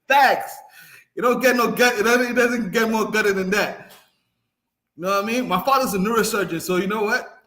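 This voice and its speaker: Insistent high-voiced man from New York. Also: normal speed, pushed and bright. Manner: insistent, cuts in, laughs often. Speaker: caller. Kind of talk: casual argument on a stream.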